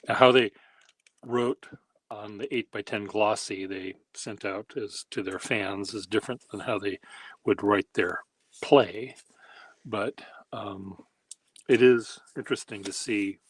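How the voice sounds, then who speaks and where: A man's voice: on the low side, steady tone, measured pace, slightly rough, no room sound. A man hosting a handwriting workshop, rambling casually in a wry, self-deprecating way while he demonstrates. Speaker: pen workshop host.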